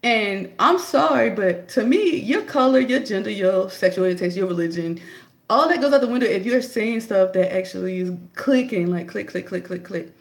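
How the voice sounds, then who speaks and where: A young adult woman vlogging a casual, chatty opinion monologue, telling her story in an animated way. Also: moderate pace, reverberant. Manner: chatty, animated storytelling, jumps high to act out her own quotes.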